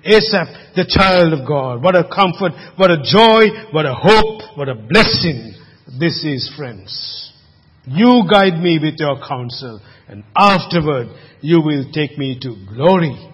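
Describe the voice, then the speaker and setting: Husky preacher in an echoing hall. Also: male voice, a little high, expressive, slow. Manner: swings from hushed to loud emphatic preaching. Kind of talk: sermon. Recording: lo-fi with long reverb in a hall.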